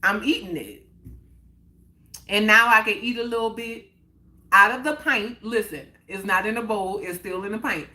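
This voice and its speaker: A woman's voice: mid-range voice, moderate pace, pauses often, sharp tone. A woman hosting a live stream in casual chat, answering viewers and repeating her points for emphasis. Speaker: livestream host.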